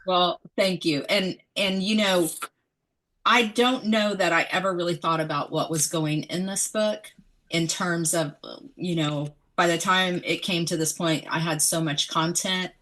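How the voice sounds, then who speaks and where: Woman, deep voice, reflective interview talk, thoughtful author guest. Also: steady tone, fairly bright tone. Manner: thoughtful, musing, unhurried.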